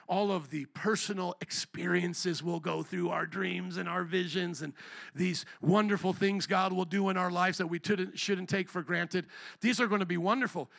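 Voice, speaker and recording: An older man preaching a sermon as pastor, calling on the congregation for responses and rising to shouts. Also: a little high, vocal fry.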